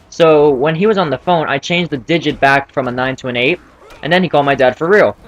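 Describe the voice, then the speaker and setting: A man's voice: medium pitch, fairly quick. A teenage boy casually telling a story from school, rambling with many fillers and restarts. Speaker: vlogger.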